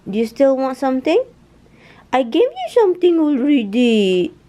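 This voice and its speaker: A woman's voice: high-pitched, wildly swooping pitch, normal speed, dark tone. A Filipina woman with a Filipino accent, vlogging casually at home and cooing to her dogs. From Philippines. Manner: chatty, coos and baby-talks to her dogs. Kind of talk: casual vlog chat.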